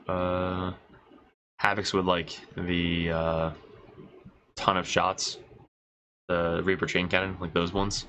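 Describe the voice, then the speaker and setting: A man with a congested voice, casually reading out and reacting to game rules as a host, excited and swearing, thinking aloud. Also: sits low, a little hiss or hum, poor audio. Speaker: wargaming video host reviewing rules.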